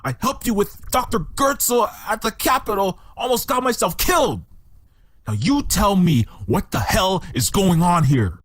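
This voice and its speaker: A man's voice: very high-pitched, lively intonation, moderate pace, hardly any pauses, bright, forceful tone, dry recording, exaggerated voice. An actor playing a betrayed male detective who accuses the woman who hired him. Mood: accusing. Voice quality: indignant, accusing.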